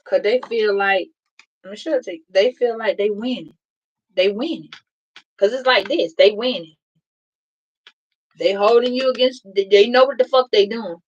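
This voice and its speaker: A woman's voice: mid-range voice, moderate pace, long pauses, poor audio. Blunt, profane woman doing a tarot reading. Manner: blunt, profane, emphatic, addresses viewers directly. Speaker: tarot reader. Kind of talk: casual tarot reading to viewers.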